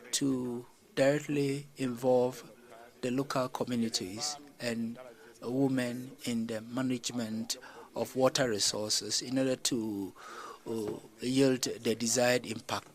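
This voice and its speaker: A man delivering a formal policy address to a summit of leaders, measured and stopping often on fillers and restarts. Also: medium pitch, poor audio. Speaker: summit chair addressing heads of state.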